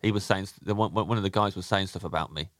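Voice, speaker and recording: A man's voice: sits low, quick pace, a bit bright, dry recording. Chatty English man telling stories. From England. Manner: chatty, storytelling, laughs often. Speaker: podcast co-host. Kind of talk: casual chat.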